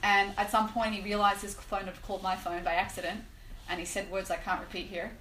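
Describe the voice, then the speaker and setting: Woman teacher, lively storyteller to a live class; roomy echo, faint background noise. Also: mid-range voice, a little fast. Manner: animated storyteller, many "like" and "right?" fillers. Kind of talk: personal story in a class talk. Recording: echoey room, faint noise.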